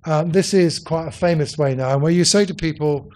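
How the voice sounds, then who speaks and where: Brisk dryly witty man lecturing. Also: a little high, a little mellow. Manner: brisk and dryly witty, emphatic stresses, frequent "um"s. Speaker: politics professor giving a public lecture. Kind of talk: lecture on poll data with slides. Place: lecture hall.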